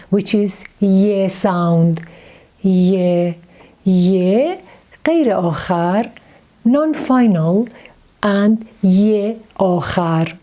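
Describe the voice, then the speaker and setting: A woman with a Persian accent teaching a beginner Persian lesson, speaking slowly and patiently and repeating each word. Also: medium pitch, warm tone. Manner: slow, patient, repeats words and letter names. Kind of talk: slow beginner language lesson.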